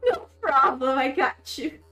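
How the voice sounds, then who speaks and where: A woman's voice: high-pitched, lively intonation, a little slow, pushed and bright. A woman hosting a stream, chatting casually with a guest, giggly and hyped, often restarting her sentences. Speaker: streamer host. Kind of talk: casual chat on an art stream. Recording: echoey room. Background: faint background music.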